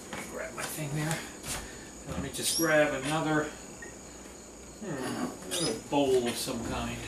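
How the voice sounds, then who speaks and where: A man's voice: mid-range voice, creaky, very noisy. A man hosting a casual cooking video, chatty and upbeat, laughing often as he works in his kitchen. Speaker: cooking vlog host. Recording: echoey room with faint ambience.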